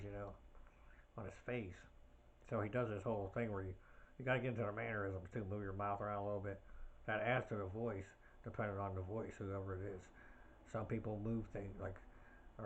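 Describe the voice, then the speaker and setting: A man's voice: lowish voice, a little hiss or hum. A man hosting his own podcast in a casual, rambling way, full of fillers and side tangents. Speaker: podcast host. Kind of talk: casual solo podcast chat.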